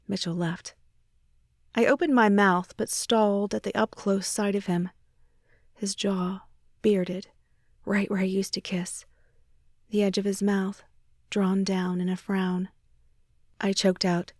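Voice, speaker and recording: A woman's voice: medium pitch, fairly even intonation, a little slow, long pauses, darkish tone, no echo, studio quality. A woman narrating a first-person romance audiobook in an intimate way, sometimes dropping to a whisper.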